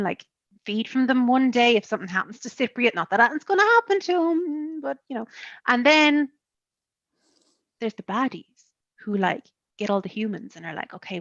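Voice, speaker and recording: A woman's voice: a little high, dry recording, lo-fi sound. A woman with an Irish accent from Waterford, an author chatting animatedly in a casual interview. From Ireland. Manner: animated, chatty, swears and laughs. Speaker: author guest.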